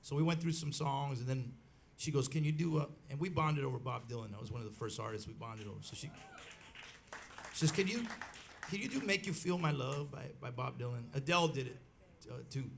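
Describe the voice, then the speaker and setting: Gravelly middle-aged man telling a story live. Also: medium pitch, fairly quick. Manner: rambling, with many restarts and acted quotes. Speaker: bandleader telling a story on stage. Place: live music club. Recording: live club recording with faint crowd noise.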